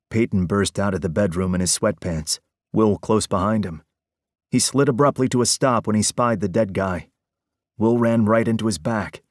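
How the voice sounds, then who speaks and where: A male audiobook narrator with a low voice and measured storytelling delivery. The read is scripted and steady. The sound is dry and close, with no room echo.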